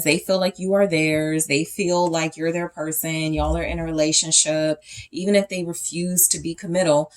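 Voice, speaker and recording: A young woman giving a casual pick-a-card tarot reading straight to her audience, thinking aloud with fillers and restarts as she turns over each card. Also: low-pitched. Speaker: tarot reader.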